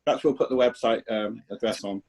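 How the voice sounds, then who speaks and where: A man hosting an interview, prompting his guest with short, soft questions. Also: mid-range voice, fast. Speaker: interviewer, host. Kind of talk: casual interview.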